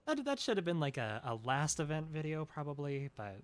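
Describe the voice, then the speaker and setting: A woman's voice: low-pitched, very animated, brisk. A woman streaming a game, chatting casually with many restarts and frequent giggles. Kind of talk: casual gameplay commentary.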